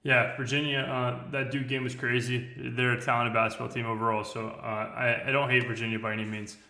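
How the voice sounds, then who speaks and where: A man calling in over a video call on a phone hotspot as a guest handicapper, giving quick betting analysis full of uhs. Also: medium pitch, little pitch movement, bright, forceful tone, reverberant. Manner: quick, filler-heavy, uh-laden.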